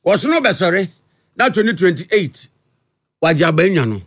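A Ghanaian man reading the news as a radio anchor in a brisk, measured delivery. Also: sits high, big pitch swings, no room sound.

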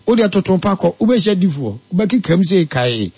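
A man hosting a radio talk show, moving between solemn announcements, lively banter and ad reads. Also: high-pitched, brisk, few pauses, slightly rough, no room sound. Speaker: radio host.

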